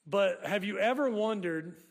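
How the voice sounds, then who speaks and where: Speaking at a measured pace, this male pastor has a high-pitched voice with vocal fry. He jokes and chats with the congregation in a conversational way during his sermon, and the recording carries long hall reverb.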